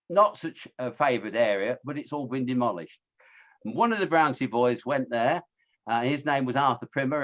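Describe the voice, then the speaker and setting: A man's voice: medium pitch, highs cut off. Chatty man giving a slide talk. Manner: chatty, self-correcting, with wry asides. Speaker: local history speaker. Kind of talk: informal illustrated talk.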